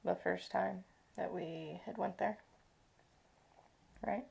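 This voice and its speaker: A woman co-hosting a travel podcast, speaking in a low, gravelly voice with plenty of vocal fry. She tells stories loosely, laughs often and swears casually. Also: fairly even intonation, slow pace, darkish tone. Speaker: podcast co-host. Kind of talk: casual chat.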